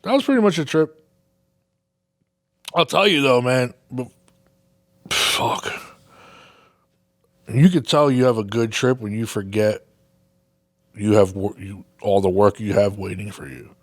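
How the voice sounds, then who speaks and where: A man's voice: fairly low pitch, unhurried, pauses often, no echo, clean studio sound. A man hosting his own podcast, telling a long casual story full of swearing and acted-out reactions. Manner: swears constantly, lively anecdotes with exaggerated quoted reactions. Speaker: podcast host.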